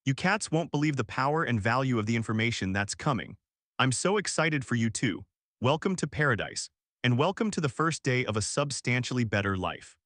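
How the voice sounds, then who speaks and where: A man's voice: mid-range voice, lively intonation, a little fast, fairly bright tone, no echo, lightly acted. A composed, self-assured wealthy mentor, read by a man in a dry, close recording. He leans on key words for effect and keeps an upbeat, motivational drive. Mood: enthusiastic. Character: calm, confident wealthy older male mentor.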